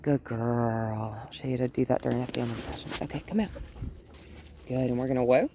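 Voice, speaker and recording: A woman dog trainer talks through a hands-on session outdoors, her voice mellow and warm. She moves between soft, coaxing praise and plain explanation, with faint background noise around her. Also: rumbling low, steady tone, fast talker. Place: outdoors by her front yard and gate.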